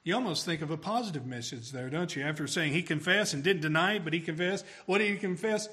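A man preaching a sermon emphatically, his voice swelling louder on key phrases. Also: on the high side, quick pace, few pauses.

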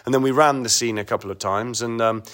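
A man in his thirties with a Bristol accent, an actor chatting as an interview guest and telling lively stories. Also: mid-range voice, fast. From Bristol, England. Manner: animated anecdotal storyteller, laughs often. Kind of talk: casual interview chat.

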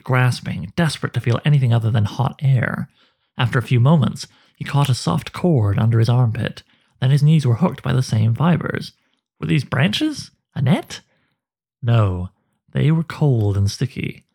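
A man narrating a dark fantasy story in a slow, measured way. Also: mid-range voice, breathy edge.

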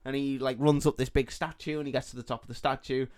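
A man's voice: mid-range voice, flat delivery, fast talker, darkish tone, clear, resonant tone. A man, co-hosting a podcast, swearing a lot as he retells a film's plot. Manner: sweary, laughing, acts out characters in jokey voices. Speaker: podcast co-host. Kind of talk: casual comedic film recap.

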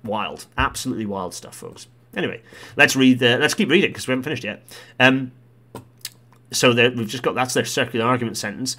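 Animated Scottish man reading aloud. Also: mid-range voice, brisk. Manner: animated, exclamatory, reads viewer comments aloud. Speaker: livestream commentator on transport policy. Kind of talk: live commentary reading a report aloud.

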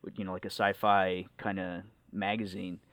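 A man's voice: low-pitched, little pitch movement, normal speed, a bit bright, no room sound. A man being interviewed as a guest musician, talking enthusiastically and rambling with plenty of fillers. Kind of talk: casual interview chat.

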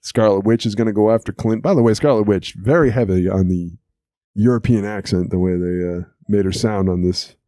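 A man's voice: fairly low pitch, fairly quick, mellow, no echo, studio quality. A man co-hosting an audio podcast, chatting and laughing as he recaps a cartoon episode. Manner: chatty, amused, laughs often while recapping. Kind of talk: casual chat.

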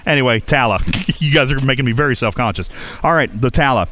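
A man's voice: fast talker, noisy background. A man from West Virginia with a faint Appalachian accent, hosting a casual gaming livestream, chatty and reading chat aloud. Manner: chatty, reads chat aloud, lively jumps in pitch. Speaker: livestream host.

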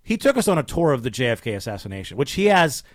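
A man's voice: medium pitch, quick pace, no echo, clean studio sound. A man co-hosting a podcast, retelling a behind-the-scenes story in casual chat and acting out the quotes. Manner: animated retelling with acted-out quotes. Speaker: podcast co-host.

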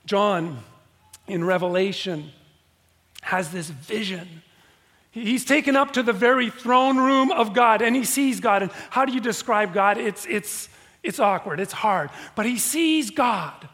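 A man preaches in a church with a very high-pitched voice. He drives his points home by repeating key phrases and pausing for effect. The sound rings with the long reverb of a church hall. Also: fairly bright tone. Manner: emphatic, repeats key phrases with dramatic pauses. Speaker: pastor. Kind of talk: sermon.

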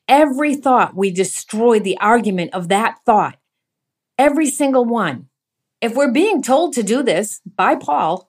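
A woman's voice: on the high side, darkish tone. Earnest woman teaching scripture. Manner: earnest, emphatic, asks the listener questions. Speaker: Bible teacher. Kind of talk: devotional teaching.

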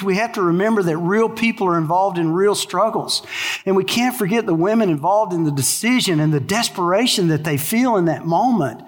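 A man preaching from the pulpit, his voice a touch higher than most men's. He tells stories and sinks to a hushed, low tone in the sad moments. His voice carries with a long reverb, as if in a large church sanctuary. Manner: storytelling, drops to a hushed low voice in sad parts. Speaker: pastor. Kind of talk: sermon.

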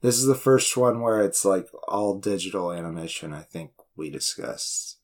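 A man co-hosting a podcast, chatting casually about an animated film, full of ums and restarts, often trailing off quietly at the end of sentences. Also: sits low, normal speed. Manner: hesitant, filler-heavy, trailing off quietly. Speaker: podcast co-host.

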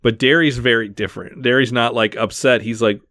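A podcast host walks through a movie scene by scene in detail, keeping it casual and full of filler words. His medium-pitched voice is brisk, fairly bright and fairly even in intonation, recorded at studio quality with no room sound.

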